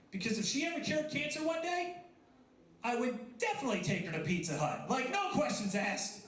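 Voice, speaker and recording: A man's voice: very high-pitched, sing-song, brisk, fairly bright tone. A man in his thirties doing a chatty, self-deprecating stand-up comedy set, bantering with the crowd. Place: coffee house stage with a live audience. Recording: echoey room with audible crowd.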